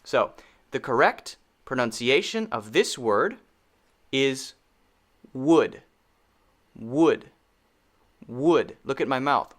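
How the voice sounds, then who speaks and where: Guy teaching pronunciation, talks slow, says each sound a bunch of times, mid pitch. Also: very animated, fairly bright tone. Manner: slow, patient, repeats sounds to demonstrate. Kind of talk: spoken lesson.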